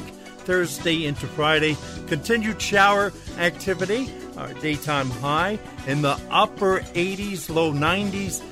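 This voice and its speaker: A man hosting local radio, reading a police log and a weather forecast in a clipped, list-like delivery. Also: on the high side. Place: radio studio. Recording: music bed behind the voice.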